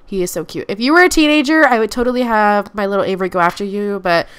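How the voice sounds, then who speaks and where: A woman's voice: medium pitch, fast talker, fairly bright tone, smooth. A young woman giving chatty Let's Play commentary, talking to her game characters, her nose stuffy from allergies. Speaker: gaming YouTuber.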